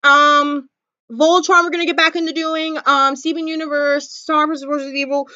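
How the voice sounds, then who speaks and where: A woman talking straight to camera in a casual commentary vlog, emphatic and animated, repeating her points. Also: high-pitched, normal speed, no echo, dull audio. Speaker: vlogger.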